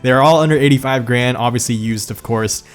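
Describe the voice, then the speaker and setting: A man's voice: medium pitch, fairly quick. A man hosting a car video in scripted narration, joking and sarcastic, with a slight lisp from medicine. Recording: faint music behind.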